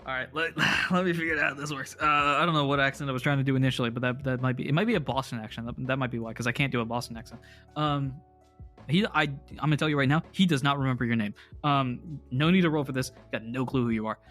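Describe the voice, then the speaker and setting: A man's voice: medium pitch, steady tone, fast talker, bright, forceful tone, faint music behind. A man narrating as game master of a tabletop game, rambling and self-mocking.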